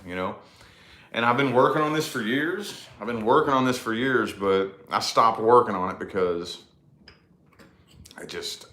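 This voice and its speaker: A man's voice: mid-range voice, a bit bright. Profane, self-deprecating man in an echoey room. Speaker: vlogger. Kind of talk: casual rambling monologue.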